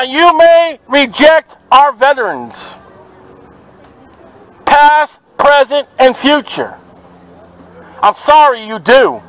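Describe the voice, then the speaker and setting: A man's voice: extremely high pitch, poor audio. A man preaching fervently outdoors at a market, quoting scripture in an open-air sermon. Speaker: street preacher.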